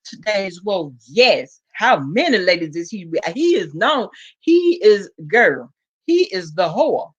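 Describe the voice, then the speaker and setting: A woman's voice: slow, husky, muffled recording. A woman with a Southern US accent telling a gossipy story to her viewers in a casual vlog, acting out the quotes with sudden jumps in her voice. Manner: animated gossip, acts out quotes with big pitch jumps. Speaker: vlogger.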